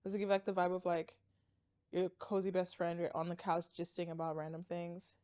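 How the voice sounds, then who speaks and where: A young woman from Africa hosting her own podcast, talking casually and openly to camera, swinging from loud excitement to quiet earnestness. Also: lowish voice, fairly quick, no room sound, clean studio sound. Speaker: podcast host. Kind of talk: casual confessional talk to camera. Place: outdoor balcony.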